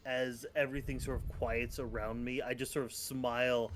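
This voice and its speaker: A man playing a tabletop game online in a mid-range voice. He describes his turn slowly and haltingly, with many fillers. His delivery is plain and unhurried. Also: medium pitch, flat delivery. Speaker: player.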